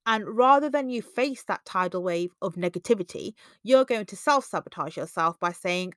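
A woman's voice: expressive, moderate pace, hardly any pauses, no room sound, clean studio sound. A woman hosting a self-help podcast, talking conversationally and acting out quoted voices. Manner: conversational, acts out quoted voices with big pitch jumps. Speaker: podcast host.

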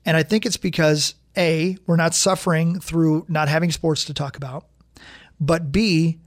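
A male radio host chatting casually and quickly, with lots of fillers and restarts. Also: on the high side, no echo, clean studio sound. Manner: fast, animated talker with many fillers and restarts. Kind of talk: casual chat.

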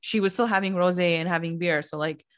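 A woman's voice: fairly low pitch, a little fast, clear, resonant tone. A young woman co-hosting a podcast, chatting casually and filling her talk with "like" as she acts out quotes. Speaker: podcast co-host. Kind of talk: casual recap chat.

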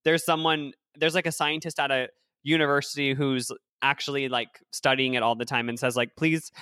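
A man's voice: mid-range voice, little pitch movement, fairly quick, bright, forceful tone, clean tone, dry recording, clean studio sound. A young man with a nasal voice, co-hosting a casual podcast and rambling along with lots of fillers. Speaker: podcast co-host. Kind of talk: casual chat.

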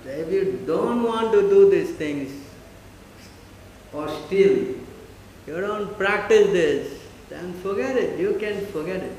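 A man's voice: sits high, slow pace, a little mellow, slight background noise. A man giving a devotional class, emphatic and full of rhetorical questions, checking often that listeners understand. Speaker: spiritual teacher. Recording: echoey hall.

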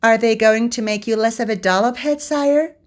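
A woman's voice: a little high, expressive, normal speed, pitched above the performer's own voice, close to an everyday voice. A woman voicing a cheeky, fretful young male servant who bickers and pleads with his master. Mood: bickering servant.

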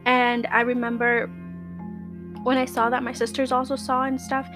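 A woman appears as a guest, telling a true scary story in casual, slangy speech over music. She is excitable, her voice on the high side at normal speed, and now and then she swears or slips into Spanish.

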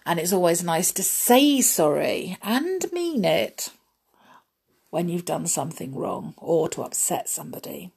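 A woman reading a children's story aloud, chatty and lively, asking her listeners questions. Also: lowish voice, unhurried, creaky, breathy edge.

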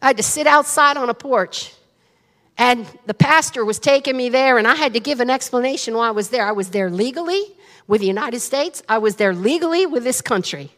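A woman pastor tells a story in a sermon, animated and dramatic, and talks straight to the congregation. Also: on the high side, brisk. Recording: long reverb of a large hall.

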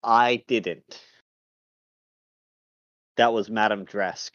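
A man's voice: on the low side, fairly even intonation, extremely slow, a bit bright, no echo, lo-fi sound. A man playing a captured captain of a lord's guard, answering questions in a plain, matter-of-fact way.

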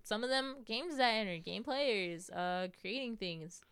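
A woman's voice: medium pitch, animated, unhurried, fairly bright tone, clean tone, dry recording. A young American woman chatting casually as a podcast host, telling stories with lots of "like" and "you know". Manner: acts out quotes in a raised voice. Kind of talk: casual chat.

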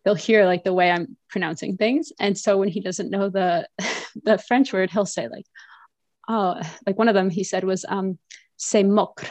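A woman's voice: mid-range voice, fairly even intonation, normal speed, darkish tone, dry recording. A woman in her thirties, a French teacher and mother, chatting animatedly as a podcast guest with many fillers. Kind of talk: casual conversational interview.

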